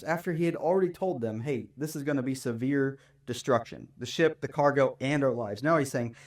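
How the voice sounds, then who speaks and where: Conversational pastor preaching from a distance. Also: male voice, mid-range voice, fairly quick, hardly any pauses. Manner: conversational preaching, tag questions. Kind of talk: sermon. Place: church sanctuary.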